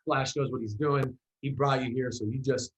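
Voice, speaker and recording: A male musician telling a story as an interview guest. His voice sits at a middle pitch, and his delivery is loose and chatty, full of "like"s and restarts. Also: moderate pace, rough recording. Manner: animated storyteller with many fillers and restarts.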